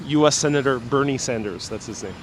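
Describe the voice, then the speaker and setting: A man hosting a casual walking live stream outdoors on city streets, joking deadpan and reading out viewer comments on a clip-on mic. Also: medium pitch, brisk, heavy background noise. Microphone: wireless clip-on mic while walking.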